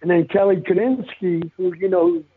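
A man's voice: high-pitched, normal speed, breathy edge. An older man telling stories in a blunt, profane way, chuckling often as he talks. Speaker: guest telling stories of his football days. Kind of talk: casual storytelling interview. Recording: tinny phone line.

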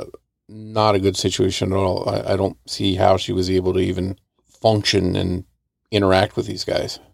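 A man's voice: sits low, gravelly, no room sound, studio quality. A man co-hosting a true crime podcast, speaking in a reflective, grave way with small restarts. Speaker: podcast co-host.

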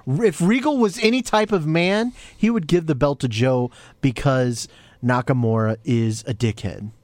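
A man co-hosting a casual podcast, talking in an animated, playful and joking way. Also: a little high, normal speed, no room sound. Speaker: podcast co-host. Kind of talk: casual chat.

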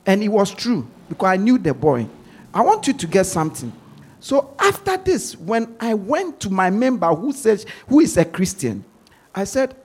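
Husky, animated preaching man. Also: high-pitched, moderate pace. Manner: emphatic, repeats words while pressing a point. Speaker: pastor. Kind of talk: sermon.

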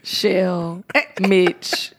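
A woman's voice: on the low side, flat delivery, very slow. Playful young woman co-hosting. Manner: playful and joking, laughs often. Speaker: podcast co-host. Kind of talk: casual chat.

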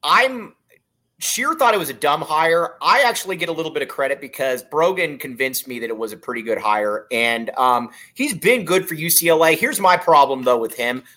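Man, sports podcast co-host, bright tone, a bit high-pitched, blunt casual takes. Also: expressive, normal speed. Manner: opinionated, blunt.

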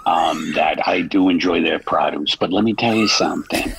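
A man's voice: low voice, normal speed, fairly bright tone, slight background noise, rough recording. A man doing a crude, menacing mock-mobster insult routine on prank calls. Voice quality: gravelly, husky. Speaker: comedian prank-calling strangers. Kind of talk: comic insult tirade.

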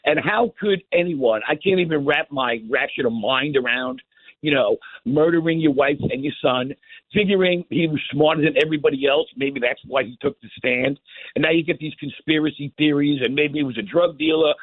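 A man calling in to a talk radio show, rambling and halting with many fillers. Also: a little high, no room sound. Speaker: caller. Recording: tinny phone line.

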